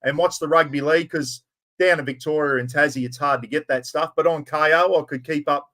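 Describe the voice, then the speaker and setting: Chatty Aussie bloke hosting, slightly high. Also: male voice, fairly even intonation, a little fast, bright, forceful tone. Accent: Australian. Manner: chatty, blokey, calls people mate. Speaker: podcast host. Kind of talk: casual chat.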